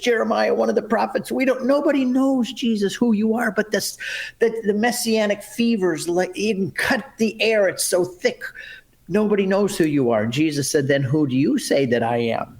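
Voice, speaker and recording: Middle-aged guy giving an animated bible lesson, kinda higher voice, acts out the quotes. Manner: animated storyteller, acts out quotes, asides to listeners. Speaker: Bible teacher and pilgrimage guide. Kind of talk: lively Bible teaching talk.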